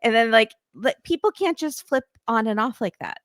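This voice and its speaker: A woman's voice: fairly high pitch, moderate pace, fairly bright tone, clean tone, no echo. Wry opinionated woman co-host. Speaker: podcast co-host. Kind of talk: casual recap chat.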